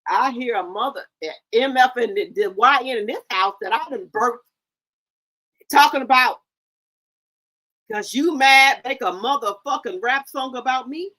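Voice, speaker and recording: A woman with a high, piercing voice rants into her livestream, loud, confrontational and thick with profanity. She stammers through repeated words and keeps hurling rhetorical questions, her tone sharp and bright throughout. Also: unhurried.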